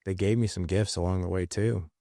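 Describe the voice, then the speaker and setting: Dad podcast host, late 40s, lowish voice, rambly storytelling, dry close mic. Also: male voice, steady tone, a little fast, mellow, no echo. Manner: rambling, frequent fillers and restarts. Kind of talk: casual conversational storytelling.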